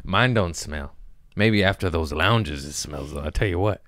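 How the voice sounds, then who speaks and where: A man's voice: deep voice, moderate pace, a bit bright, no echo, clean studio sound. A man hosting a podcast in casual chat, rambling and profane, mocking himself and laughing often. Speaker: podcast host.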